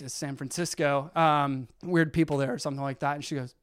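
A man telling a story to an audience in a lively way, acting out the dialogue with shifting voices. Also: fairly high pitch, a little slow. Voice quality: smooth, clear voice. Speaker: guest speaker. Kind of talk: storytelling talk.

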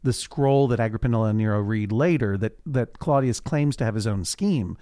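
In studio-quality audio with no echo, a male podcast co-host with a fairly low voice talks fairly quickly as he casually recaps a TV series. He's animated, voicing the characters' quoted lines as he goes.

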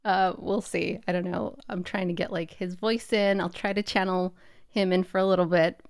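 Chatty woman with a lowish voice. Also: level tone, moderate pace, vocal fry, clean tone, dry recording, clean studio sound. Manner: chatty, musing aloud. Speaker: podcast co-host. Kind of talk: casual chat.

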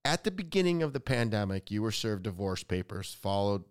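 A male podcast host chats casually with his guest, his voice rising and falling in a lively way. He is effusive and gushes with praise between his questions. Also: fairly low pitch, fairly quick, clean tone. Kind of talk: casual interview chat.

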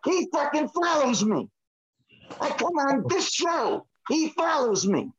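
A man's voice: very high-pitched, sing-song, takes it slowly, dull audio. A man co-hosting a podcast, ranting angrily and swearing hard. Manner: angry, swearing, fired up. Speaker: podcast co-host. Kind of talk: profane ranting chat.

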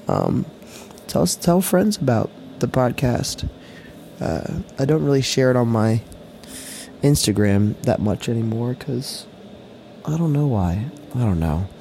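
A young man co-hosting a casual podcast, gentle and reassuring, with loose slangy talk. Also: on the low side, creaky, slight background noise. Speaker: podcast co-host.

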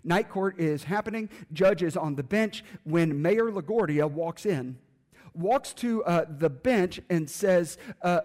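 A man delivering a sermon in a high, clear voice. He uses dramatic pauses and sinks to a hush to land his points. The sound rings with the long reverb of a large hall. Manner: dramatic pauses, quiet emphatic drops. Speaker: preacher. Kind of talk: sermon storytelling.

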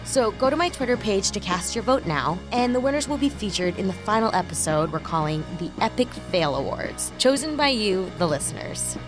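A woman hosting a podcast, introducing guests and reacting with quick interjections. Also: mid-range voice. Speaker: podcast host.

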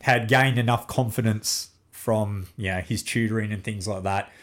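A middle-aged man, chatting casually as a podcast guest and telling animated family stories with plenty of swearing. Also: on the low side, moderate pace. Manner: animated storyteller, swears freely, acts out family dialogue. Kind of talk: casual chat.

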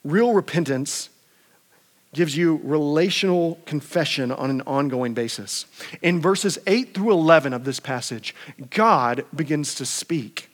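A pastor preaching a conversational sermon, asking rhetorical questions and often repeating words. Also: male voice, a little high, lively intonation, measured pace.

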